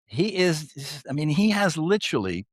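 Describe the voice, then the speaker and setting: A man's voice: fairly high pitch, big pitch swings, moderate pace, slightly rough, dry recording, clean studio sound. A man hosting a podcast, telling stories in a casual, rambling way, laughing often and tagging "right?" onto his sentences. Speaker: podcast host. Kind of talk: casual storytelling chat.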